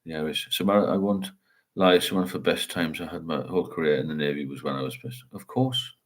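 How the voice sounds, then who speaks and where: A man's voice: low-pitched, brisk. A middle-aged man, hosting a casual livestream chat and rambling while he reads out viewer comments. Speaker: livestream host.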